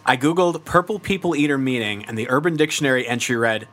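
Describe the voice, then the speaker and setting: A man co-hosting a casual podcast chat. He rattles off trivia fast, laughs often, and trips over his words when he gets ahead of himself. His pitch sits right in the middle for a man. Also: fairly bright tone. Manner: rushed, laughing, trivia-heavy. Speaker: podcast co-host sharing song trivia.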